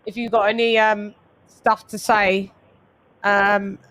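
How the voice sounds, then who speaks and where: A woman's voice: medium pitch, flat delivery, slow pace, a bit bright. A woman hosting a casual boxing livestream, chatting with guests and greeting viewers from the chat. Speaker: host.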